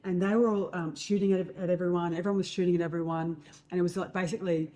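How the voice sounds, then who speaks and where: A woman telling stories in a casual chat, lively and acting out other people's lines. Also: quick pace. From Australia. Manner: animated storyteller, acts out quotes in a higher voice. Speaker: host.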